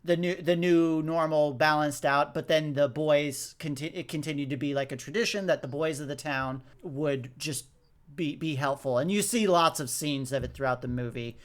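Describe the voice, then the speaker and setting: Brief: man, podcast co-host, slightly high voice, casual recap, acts out lines. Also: normal speed. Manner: animated, acts out movie lines. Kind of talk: casual movie recap chat.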